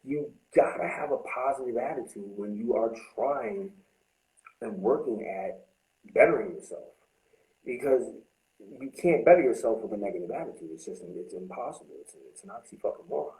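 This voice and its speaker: A man's voice: mid-range voice, animated, moderate pace, darkish tone. Man, candid recovery talk, blunt and profane, echoey room. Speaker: host.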